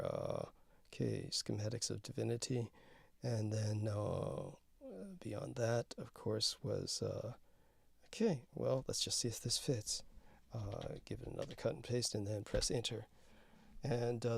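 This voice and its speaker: Gravelly man rambling with many fillers. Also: medium pitch, a little mellow, dry recording. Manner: halting, filler-heavy, slips into a put-on crooning sweet-talk voice. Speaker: show host. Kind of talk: rambling casual call-in chat.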